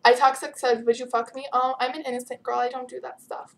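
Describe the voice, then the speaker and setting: A teenage girl talking through a vlog in a chatty, giggly way, her voice pitched a bit high with a gravelly fry. She sounds worn out but keeps things bubbly. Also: level tone, quick pace, a bit bright. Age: teens. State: tired. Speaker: vlogger answering viewer questions. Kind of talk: casual chat.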